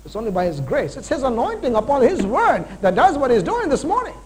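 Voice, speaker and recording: A man in his forties preaching a sermon, animated, swinging between loud emphasis and quiet, slow points. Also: extremely high pitch, rough recording. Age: 40s.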